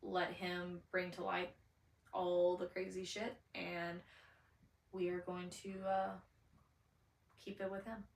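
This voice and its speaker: A woman's voice: on the low side, little pitch movement, takes it slowly, creaky, pauses often. Laid-back, slangy woman podcast co-host. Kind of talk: casual podcast chat. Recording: roomy, distant mic, faint noise.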